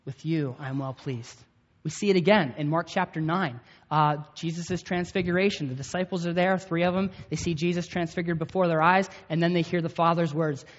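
A man's voice: a little high, fairly even intonation, fairly quick. A man in his thirties preaching a sermon in a conversational, storytelling way, often checking in with the listeners. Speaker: pastor. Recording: echoey hall, dull lo-fi sound.

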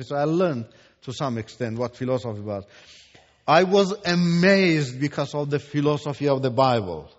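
A man from Iran, giving his testimony as a Christian teacher. He talks emphatically and repeats words for stress, moving between hushed and loud. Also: mid-range voice. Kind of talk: preached testimony. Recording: echoey hall, dull lo-fi sound.

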